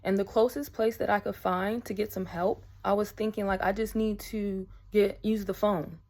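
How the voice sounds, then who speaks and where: A woman's voice: medium pitch, steady tone, normal speed, a little mellow. A woman vlogger telling a personal story in a casual, rambling way, full of fillers. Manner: chatty, rambling, many fillers.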